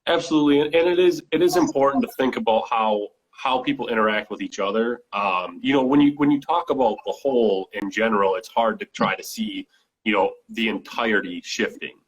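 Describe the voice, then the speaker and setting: A male host guiding an interview, thoughtful and measured as he works his questions out. His voice sits somewhat low and has a slightly husky grain. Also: rough recording. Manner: measured and thoughtful, circling back over his words.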